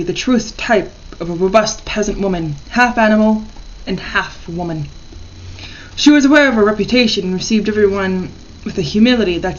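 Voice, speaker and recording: A woman reading a horror short story aloud in a plain, steady way, with small restarts. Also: medium pitch, muffled recording.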